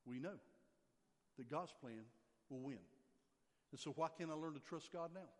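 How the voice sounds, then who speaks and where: Older preacher in a reverberant hall. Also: male voice, moderate pace. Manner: emphatic preacher, repeats phrases, drops low for scripture. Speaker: pastor. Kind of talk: sermon.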